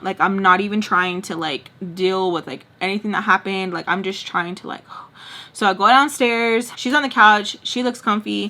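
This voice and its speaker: Bright-voiced young woman telling a story. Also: mid-range voice. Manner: chatty, fillers of "like", acts out her own thoughts. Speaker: storytime vlogger. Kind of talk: casual storytime.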